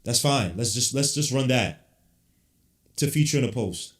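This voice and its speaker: In a medium-pitched, expressive voice at normal speed, a man reacts live to a basketball game on his podcast. He's a frustrated fan ranting bluntly and swearing casually, and the sound has a roomy echo.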